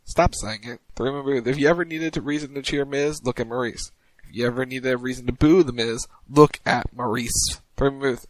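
A man co-hosting a casual wrestling podcast, reading tweets aloud in a wry, deadpan way. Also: medium pitch, brisk, dry recording. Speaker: podcast co-host.

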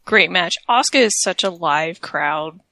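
Bright-voiced woman chatting on a podcast. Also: fairly low pitch, lively intonation, a little slow, dry recording. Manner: chatty, enthusiastic, trails into repeated phrases. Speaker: podcast co-host. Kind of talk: casual chat.

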